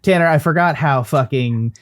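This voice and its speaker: Dude dm-ing a tabletop game, chill and rambly, drops some swears. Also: male voice, fairly high pitch, normal speed. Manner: casual, rambling with fillers and swearing. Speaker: dungeon master.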